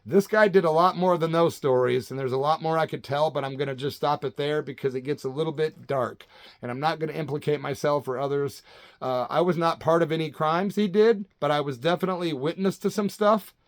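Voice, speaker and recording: A man's voice: on the high side, fairly quick, dry recording. A man in his late fifties, a channel host from Central Illinois, telling a story casually and animatedly, ending his sentences with "man". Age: 50s. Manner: animated, says "man" constantly.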